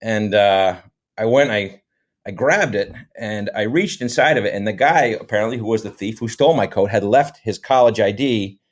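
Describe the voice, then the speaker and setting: With a fairly low pitch and moderate pace, a middle-aged American comedy actor shares anecdotes during a relaxed podcast interview. His talk wanders and is full of fillers.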